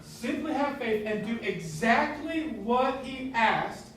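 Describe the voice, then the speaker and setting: A man preaching a casual, lively sermon, asking the congregation questions as he goes. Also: extremely high pitch, slow, heavy reverb, distant mic, slight background noise, poor audio. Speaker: pastor. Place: church sanctuary.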